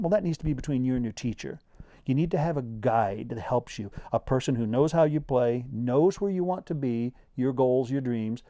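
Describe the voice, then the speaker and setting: Middle-aged guy giving practice tips, warm mellow voice, dry close sound. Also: mid-range voice, no room sound. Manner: earnest, conversational coaching with quoted student voices. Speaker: bass teacher. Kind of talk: direct-to-camera music lesson.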